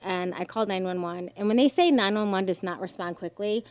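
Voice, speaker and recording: On a podcast, a woman guest tells a personal story fairly quickly in a medium-pitched voice, recorded dry. She is animated and highly emotional, swears freely and acts out other people's voices.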